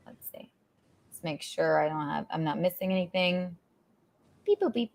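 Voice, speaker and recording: A woman hosting a livestream show, telling stories in a lively, chatty way and laughing often. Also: low-pitched, normal speed, creaky. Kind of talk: casual chat.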